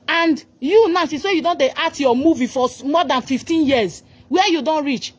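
A woman's voice: high voice, moderate pace. A Nigerian woman with a Nigerian accent, ranting angrily and mocking a celebrity, switching into pidgin. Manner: scolding, mocking, mixing pidgin. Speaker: commentator. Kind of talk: angry reaction rant.

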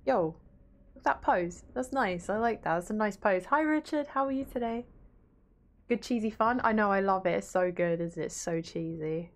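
A woman's voice: mid-range voice, moderate pace. A woman with a Yorkshire accent streaming a video game, chatting casually with viewers and swearing freely. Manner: chatty, reads chat aloud, swears casually. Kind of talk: casual gaming stream chat.

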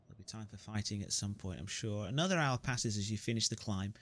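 A man's voice: fairly low pitch, quick pace, a bit bright, no room sound. A man reading the narration of a story game aloud, with joking asides. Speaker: gamer.

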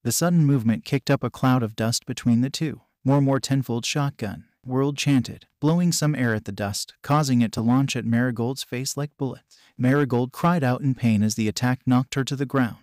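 A male narrator reads a story in a level, unhurried way, and he even says the punctuation out loud. His voice sits at a middle pitch. The recording is dry and close, with no room echo. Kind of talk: scripted narration.

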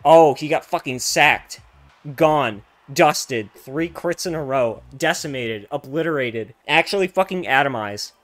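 A young man giving casual, profane gameplay commentary, swinging from loud excited outbursts to low muttering. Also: a little slow. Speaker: gaming streamer.

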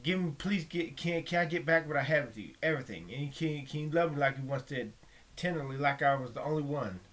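Pleading man in a halting prayer. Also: on the high side. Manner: halting, pleading, breaks off and restarts; drops to a hushed whisper at times. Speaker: vlogger. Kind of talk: spoken prayer monologue.

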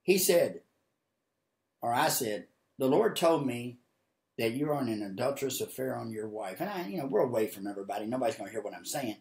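A male preacher streams live from a home office. His voice carries a noticeable room echo. He tells folksy stories and keeps climbing into loud, ringing exhortation. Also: animated, a little fast, gravelly. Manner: folksy storytelling, builds to high, loud exhortation. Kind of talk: sermon with acted-out storytelling. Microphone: livestream camera mic.

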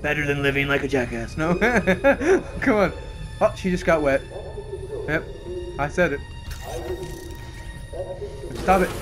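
A man talks over his own gameplay in a loose, profane, joking way. His voice sits a little high and swings widely in pitch. Game music plays clearly behind him. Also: animated, slow pace, pauses often. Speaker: let's play gamer. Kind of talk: casual gameplay commentary. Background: game music and sound.

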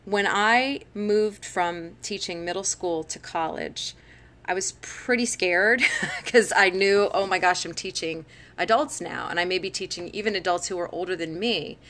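A middle-aged woman, a teacher and education blogger, offers casual teaching advice during a live phone broadcast from home. Her voice is fairly low and fairly bright, unhurried, with frequent laughs and filler words between points.

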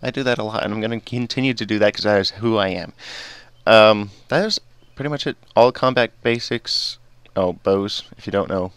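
Low, smooth-voiced man rambling over gameplay. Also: normal speed, a bit bright, no echo. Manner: rambling, digresses a lot. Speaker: gaming video host. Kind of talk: casual gameplay commentary.

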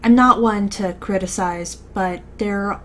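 A woman's voice: mid-range voice, slow pace, fairly bright tone. A woman hosting a let's play, commenting casually on a game with many fillers and restarts.

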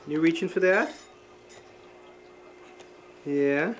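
Speaking very slowly in an animated, highish voice, a man films a home video, chatting to the camera and cooing to his baby. The camcorder microphone captures it on hissy old tape.

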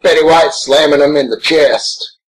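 A man's voice: a little high, moderate pace, natural voice, rough recording. A man voicing a gigantic, grouchy green monster as co-host of a crude, rambling in-character watch-along commentary. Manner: crude, brash and rambling, swears a lot.

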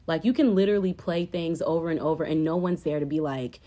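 A woman's voice: lowish voice, normal speed, hardly any pauses. Rambling, profane woman on a livestream. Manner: profane, rambling and animated, flaring into impassioned outbursts. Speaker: livestream host. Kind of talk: casual chat on a phone livestream. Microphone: phone.

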